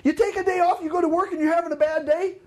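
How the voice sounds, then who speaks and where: Joking and playing out customer roles, a middle-aged man leads a live customer service training seminar in an animated way. His pitch is extremely high and he talks quickly.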